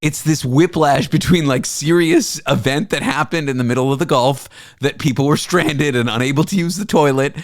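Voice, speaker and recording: A man's voice: fairly high pitch, moderate pace, no echo, clean studio sound. Rambling, self-mocking male host. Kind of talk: casual comedic chat.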